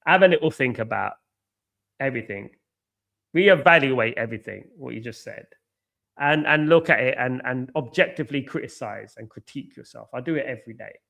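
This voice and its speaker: A man hosting a live football watchalong, chatting to viewers by name and reacting excitably to each moment of play. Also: medium pitch, fairly quick, vocal fry. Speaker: watchalong host.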